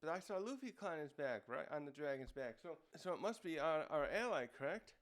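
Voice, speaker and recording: A man's voice: on the high side, very animated, a little fast. A man quoting a panicky, jumpy young guy.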